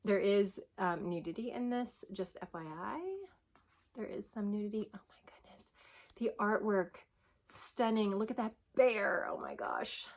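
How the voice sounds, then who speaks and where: Gushing woman with soft sighs. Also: medium pitch, a little slow. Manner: gushing, breathy, often sighing and dropping to soft whispers. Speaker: vlogger unboxing a gift box. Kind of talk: casual unboxing chat. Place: at home.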